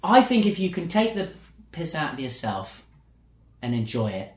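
A British man hosts a casual podcast chat, rambling and joking as he goes. His pitch swings up and down a lot. The sound is roomy, with a clear echo. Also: very animated, normal speed. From Britain. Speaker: podcast host. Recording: echoey room.

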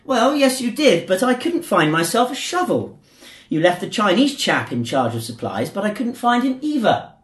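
A man's voice: sits high, very animated, moderate pace, voice pushed up. A man voicing a polite, prim male worker, answering apologetically in a joke. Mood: apologetic. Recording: roomy echo.

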